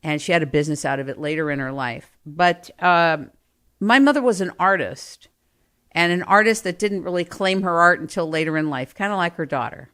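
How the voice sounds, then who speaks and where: A middle-aged woman telling family stories in an animated, self-mocking way, swinging from quiet asides to loud bursts. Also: fairly low pitch, a little fast, smooth. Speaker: storyteller. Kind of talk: personal storytelling.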